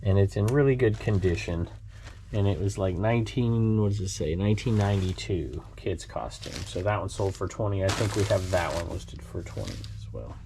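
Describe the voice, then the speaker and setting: A man's voice: low voice, expressive, normal speed, creaky, background noise. A man, hosting a casual reselling vlog in a chatty, easygoing way and laughing easily. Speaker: reseller channel host.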